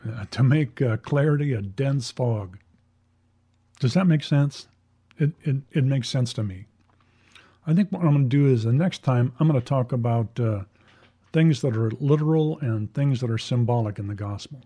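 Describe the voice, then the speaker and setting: A man hosting a religious commentary podcast in a relaxed, conversational way, often pausing on "uh". His voice is mellow and a little breathy, and he slows right down for quoted lines. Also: mid-range voice, dull audio. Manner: conversational, with fillers and slow, deliberate quotes. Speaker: podcast host.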